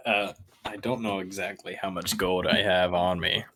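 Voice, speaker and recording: A man's voice: low-pitched, fairly even intonation, normal speed, pushed and bright, a little hiss or hum. Giggly man playing a drunk character. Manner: giggly, playful, drawn out. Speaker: player. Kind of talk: tabletop role-play chat.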